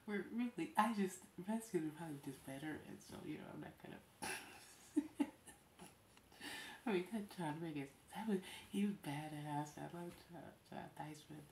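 A woman hosting a podcast in a casual, rambling chat, laughing often, swearing freely and often sinking to a breathy near-whisper. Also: sits low, moderate pace, darkish tone. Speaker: podcast host. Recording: roomy echo with faint background hum.

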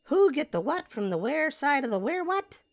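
A man voicing a small, eager young male bunny in a squeaky falsetto, timid and bewildered, in a storybook reading. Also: sing-song, moderate pace, exaggerated voice. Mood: confused.

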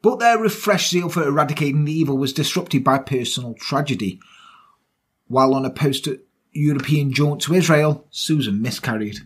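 A man with a husky voice co-hosting a casual true-crime podcast, reading out the case and then joking and laughing with his co-host. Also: fairly high pitch, lively intonation, moderate pace. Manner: reads the case notes, then jokes and laughs with his co-host, swearing freely.

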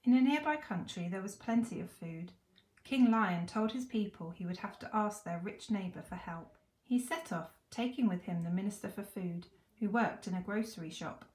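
A woman teacher reading a picture book aloud in a clear, expressive storytelling voice. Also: mid-range voice, moderate pace. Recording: echoey room.

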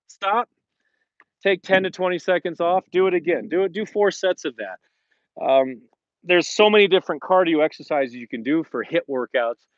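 A man's voice: fairly high pitch, a bit bright, no echo, highs cut off. A middle-aged man who hosts and teaches fitness, chatting casually on a live stream in a rambling way and acting out the lines he quotes. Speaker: fitness instructor and host. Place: home in the Colorado mountains.

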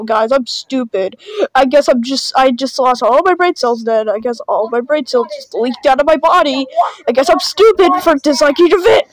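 A woman's voice: sits high, rough recording. A woman doing casual reaction commentary on videos, sarcastic and full of mock panic.

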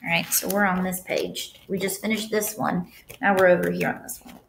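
A woman's voice: lowish voice, normal speed, creaky, noisy background. A woman teacher reading a children's chapter book aloud and guiding students through the pages. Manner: animated storytelling with stops to guide the class.

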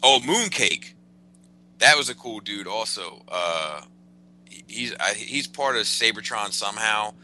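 A man's voice: on the low side, animated, a little slow, bright, forceful tone, a little hiss or hum, rough recording. A man co-hosting a casual podcast, telling stories in a rambling way with many fillers and repeated words. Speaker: podcast co-host. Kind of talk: casual chat.

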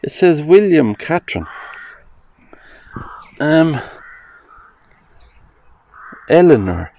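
This man's voice is a little high, sing-song and creaky, dark in tone, with a faint hiss or hum. He's an Irish-accented cemetery vlogger wandering an outdoor graveyard, reading the old inscriptions slowly and musing over them as he talks casually along the way.

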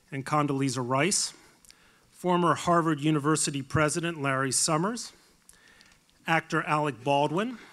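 A man giving a keynote lecture at a dinner, telling an anecdote with many halting fillers. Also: fairly high pitch, fairly bright tone. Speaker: keynote speaker. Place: large dinner hall.

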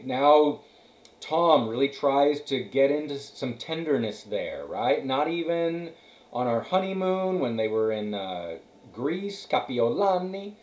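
Man teaching a novel, slow and echoey. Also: mid-range voice, a little mellow. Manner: conversational, checks in with frequent "okay" and "right". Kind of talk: classroom read-aloud with commentary. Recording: echoey room.

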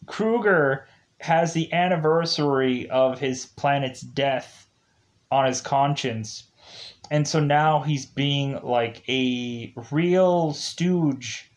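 A man giving a casual, rambling review of a show's episodes, full of fillers and restarts. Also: on the high side. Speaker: show reviewer.

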